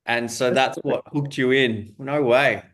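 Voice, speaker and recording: Man, company interviewer, casual, enthusiastic, quick affirmations. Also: medium pitch, steady tone, fairly bright tone.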